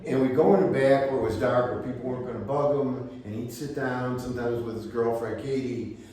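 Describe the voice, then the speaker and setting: A man's voice: mid-range voice, brisk. Older American man telling stories live. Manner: animated anecdotes, quotes others in voices. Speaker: storyteller at a library talk. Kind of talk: live storytelling talk. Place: library event space. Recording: echoey room, mic from a distance.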